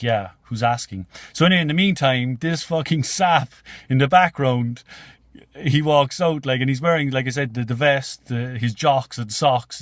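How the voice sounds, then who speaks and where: A man's voice: mid-range voice, no room sound, studio quality. A man casually retelling film scenes, rambling with many fillers and swearing. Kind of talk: casual storytelling.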